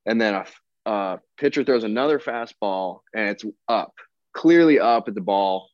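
Low-voiced man telling a story. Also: a little slow, no echo. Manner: relaxed, chatty, quotes people in dialogue. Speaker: podcast guest, pro baseball player. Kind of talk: casual storytelling. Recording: dull, lo-fi dry sound.

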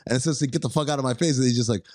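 A man co-hosting a podcast, explaining his points in an animated way, with laughs, in casual chat. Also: medium pitch, very fast, no echo, clean studio sound. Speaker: podcast co-host.

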